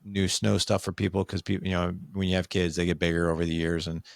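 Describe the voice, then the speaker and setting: A man's voice: deep voice, fast talker, vocal fry, no echo, clean studio sound. A man in his forties, a podcast guest, telling a candid family story in casual conversation and acting out what people said. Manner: candid, animated, acts out quoted dialogue.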